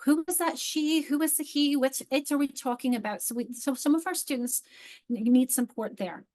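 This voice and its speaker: A woman's voice: high voice, moderate pace, a little mellow. Chatty woman leading a teacher training. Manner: chatty, with frequent restarts and modeled read-alouds. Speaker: literacy trainer.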